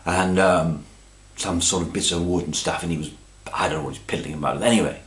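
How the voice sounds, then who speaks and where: A man's voice: deep voice, steady tone, fairly quick, fairly bright tone, echoey room. A man telling a long-winded, pompous comic story, forever adding little asides. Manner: long-winded, pompous, constantly adding "you see" and "you know". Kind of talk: rambling comic monologue.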